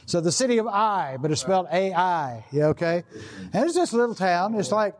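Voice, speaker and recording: A man's voice: sits high, big pitch swings, normal speed. An older man preaching a sermon in a rambling, conversational way, full of "you know" and restarts. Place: outdoor gathering.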